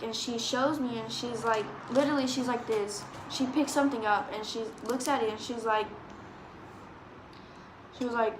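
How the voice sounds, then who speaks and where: A woman, chatting through a story and quoting people as she goes. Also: a little high. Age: 20s. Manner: rambling, quotes people with "I was like". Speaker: vlogger. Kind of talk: storytime chat. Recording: echoey room with background noise.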